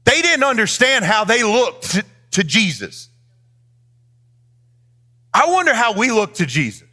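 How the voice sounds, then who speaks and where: High, animated preaching man. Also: a little slow. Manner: preaching with rising sing-song emphasis; speaks to the congregation directly. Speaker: pastor. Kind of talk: sermon. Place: church.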